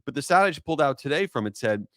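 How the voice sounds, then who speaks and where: A man hosting his own podcast, telling stories in an animated, exasperated way between marketing tips and sponsor reads. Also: medium pitch, racing, no echo, studio quality. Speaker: podcast host. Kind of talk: solo podcast monologue.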